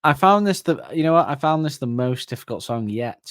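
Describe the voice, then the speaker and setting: A man's voice: on the high side, expressive, fairly quick, fairly bright tone, no room sound, clean studio sound. A man hosting a podcast in casual chat, chatty and laughing often. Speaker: podcast host.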